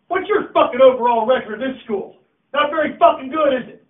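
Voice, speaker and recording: A man coaching a high school team, shouting and swearing as he berates his players in a locker room. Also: quick pace. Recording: echoey, distant, tinny phone-like audio.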